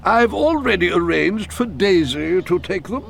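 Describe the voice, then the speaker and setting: A man doing a brisk, bossy railway boss. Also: high voice, expressive, gravelly, a little hiss or hum, voice pushed up, heavily acted. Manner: brisk and commanding.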